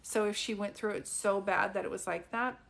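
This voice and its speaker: A woman's voice: medium pitch, steady tone, brisk, gravelly, fairly bright tone. A middle-aged woman, a psychic medium, giving a chatty live-stream reading, full of fillers, questions and laughs.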